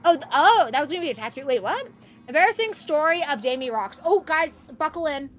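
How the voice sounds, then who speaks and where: High-voiced chatty woman streamer. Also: brisk, slight background noise. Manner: chatty and excitable, reacting out loud; soft doting baby talk to her pet. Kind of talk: casual live-stream chat while gaming.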